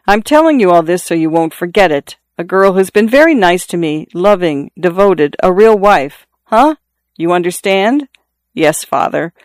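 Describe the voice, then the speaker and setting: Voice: medium pitch, expressive, normal speed, no echo, close to an everyday voice. A reader voicing a wounded, dying father in his forties who talks urgently and repeats himself, in pain and short of breath. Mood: earnest. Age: 40s. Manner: earnest, insistent, repeats himself. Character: dying middle-aged father, urgent and confiding.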